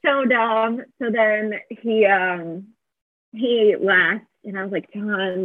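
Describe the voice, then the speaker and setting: A woman's voice: mid-range voice, slow, no room sound. Young woman on a tinny, dry line. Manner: animated storyteller, quotes herself and others, laughs often. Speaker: podcast guest. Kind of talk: casual chat. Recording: dry, tinny phone-like sound.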